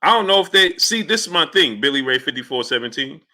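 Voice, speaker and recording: A man's voice: fairly high pitch, fast talker. A man hosting a live stream, greeting viewers by name and ranting with heat. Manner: animated, heated, shouts out chat names. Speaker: livestream host.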